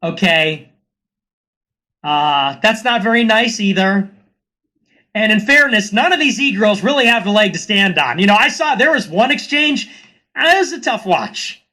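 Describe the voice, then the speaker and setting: A man's voice: high-pitched, animated, unhurried, pushed and bright. A man hosting a livestream, talking in a casual, rambling rant with a sarcastic edge. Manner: sarcastic, rambling, slips into mocking put-on voices. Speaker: livestream host. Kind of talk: casual ranting monologue.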